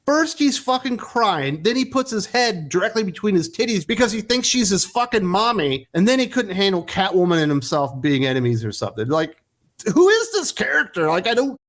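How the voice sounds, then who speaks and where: A man reviewing comic books in a casual commentary, sarcastic and profane, ranting with mocking jumps in emphasis. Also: a little high.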